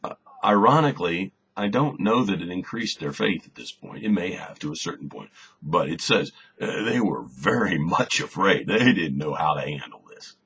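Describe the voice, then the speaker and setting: Very deep gravelly male Bible teacher. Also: moderate pace. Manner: relaxed, thinking aloud, repeats words. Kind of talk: conversational Bible lesson. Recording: slightly dull recording with faint hiss.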